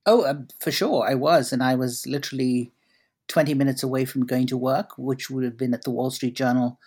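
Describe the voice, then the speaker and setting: A middle-aged man from Britain talks through personal stories in an interview. His voice sits at an ordinary pitch, and his delivery is wry and halting, full of small restarts. He breaks into a laugh now and then as he recalls events. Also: fairly even intonation, a little mellow, breathy edge. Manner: anecdotal, hesitant with restarts, wry. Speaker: interview guest, journalist. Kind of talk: conversational interview.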